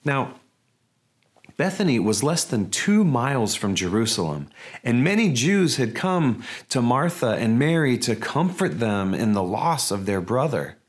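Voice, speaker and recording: A man's voice: mid-range voice, sing-song, measured pace. A man, a pastor, preaching a sermon in a conversational, emphatic way with rhetorical questions.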